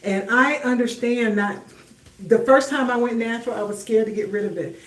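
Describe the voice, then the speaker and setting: A woman's voice: fairly high pitch, normal speed, distant mic. Chatty woman live-streaming in an echoey room. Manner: chatty, speaks to viewers directly, faith talk. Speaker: livestream host. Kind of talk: casual livestream chat while styling hair. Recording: roomy echo, voice off-mic.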